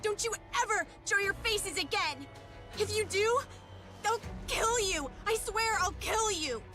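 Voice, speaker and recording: A furious, tearful young protector. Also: female voice, very high voice, animated, measured pace, soft background music, full character voice. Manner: shouting, breaking into sobs. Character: young woman fiercely protecting her pop star friend.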